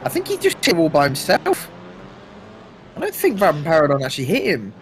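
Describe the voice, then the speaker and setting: A man's voice: on the high side, wildly swooping pitch, brisk, a little hiss or hum. Casual man co-commentating a sim race. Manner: casual, filler-heavy, hesitant.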